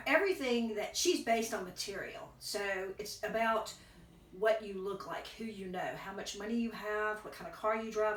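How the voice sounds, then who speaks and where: A woman's voice: mid-range voice, background noise. A woman giving a casual tarot reading, rambling and correcting herself as she thinks aloud while chewing gum. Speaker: tarot reader. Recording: echoey room, distant from mic.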